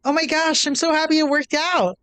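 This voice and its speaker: A bubbly, clumsy schoolgirl squealing with breathless excitement, played by a woman reading a game aloud. Her voice jumps well above the reader's own, bright and eager, with a close, dry sound. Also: high voice, a little fast, dry recording, voice pushed up. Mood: giddy.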